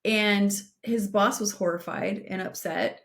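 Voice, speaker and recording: Her voice sits in the mid range, steady and fairly bright, as this middle-aged podcast co-host shares frank advice and a painful story from her own life. She's earnest and direct, easing her pace for emphasis.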